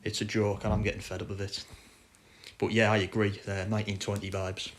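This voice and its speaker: A man's voice: lowish voice, level tone, a little fast. Frustrated man ranting. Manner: frustrated, blunt, swears. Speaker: football fan podcaster. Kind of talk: casual ranting chat.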